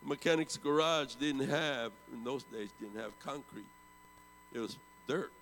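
A man in his seventies preaching a storytelling sermon, swinging from loud bursts down to hushed, low tones. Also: unhurried, creaky, long reverb tail, a little hiss or hum, poor audio. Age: 70s.

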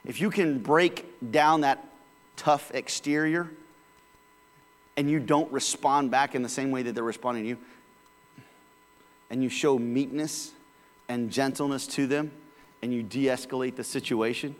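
A man's voice: mid-range voice, fairly even intonation, measured pace, pauses often, big-room sound. A male pastor preaching a sermon in a casual, conversational way, with sudden bursts of volume.

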